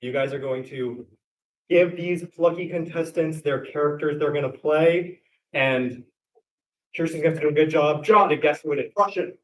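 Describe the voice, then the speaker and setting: Man hosting an improv game from afar. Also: fairly high pitch. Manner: brisk, directing. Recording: distant mic in a room.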